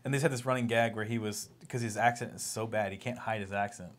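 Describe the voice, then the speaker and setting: A man's voice: on the low side, fairly even intonation, fast. Rambling man in casual podcast chat. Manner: rambling, restarts often, laughs at his own jokes. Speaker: podcast co-host. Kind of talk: casual pop-culture chat.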